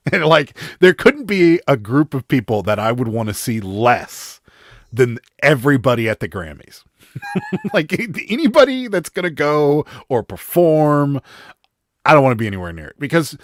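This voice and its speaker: A man's voice: on the high side, wildly swooping pitch, a little slow, no room sound, studio quality. A man hosting a live stream, chatting casually and joking as he reads viewer comments, with a Western Pennsylvania accent. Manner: rambling, joking, wry.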